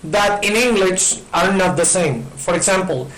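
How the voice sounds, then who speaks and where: A man's voice: high voice, unhurried, a bit bright, rough recording. Man teaching English grammar. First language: Spanish. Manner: patient, repeats points, checks in with "okay?". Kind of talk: recorded classroom explanation. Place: in front of a board.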